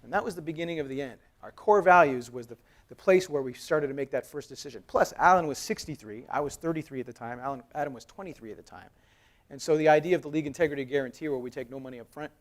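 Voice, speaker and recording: A man in his thirties giving a live conference presentation, conversational and storytelling, joking with the audience. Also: mid-range voice. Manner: animated storytelling, acts out quoted dialogue. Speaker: conference speaker. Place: conference hall.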